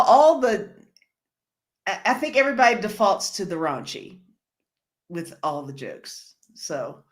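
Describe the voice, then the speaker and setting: Woman, livestream host, unhurried delivery, giggly, chatty comment reading. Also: deep voice. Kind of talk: casual live-stream chat.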